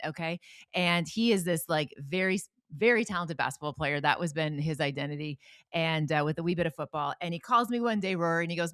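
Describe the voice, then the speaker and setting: Lively middle-aged woman host, lower voice. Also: a little fast, clear, resonant tone, dry recording, clean studio sound. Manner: animated storytelling, acts out quoted voices. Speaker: podcast host. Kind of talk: conversational interview.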